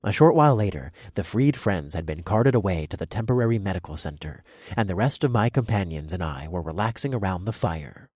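A man's voice: sits low, animated, fairly quick, a little mellow, slightly rough, no room sound. A man narrating first-person fiction for an audiobook in a brash, swaggering manner, close to the mic.

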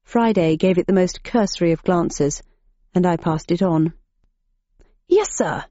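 Low, mellow woman narrating a story. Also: normal speed, dry recording. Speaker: audiobook narrator. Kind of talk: scripted narration. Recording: dull muffled audiobook recording.

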